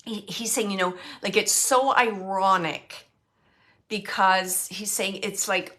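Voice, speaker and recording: A woman working as a psychic medium, relaying messages in a halting way, repeating herself and dropping into whispered asides. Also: medium pitch, steady tone, pushed and bright. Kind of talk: live spirit reading.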